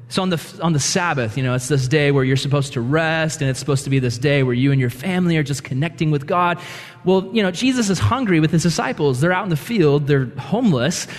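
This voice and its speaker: A man preaching a sermon as a pastor on a church stage, telling scripture stories with lively acted-out quotes. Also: fairly high pitch, in a large hall. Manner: animated storytelling with acted-out quotes.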